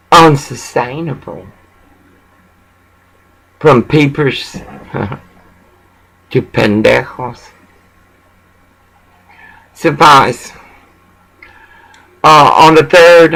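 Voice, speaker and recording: Brief: man, raised pitch, gravelly, agitated rambling rant. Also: pushed and bright, rough recording. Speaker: vlogger ranting about local grievances. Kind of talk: rambling angry monologue.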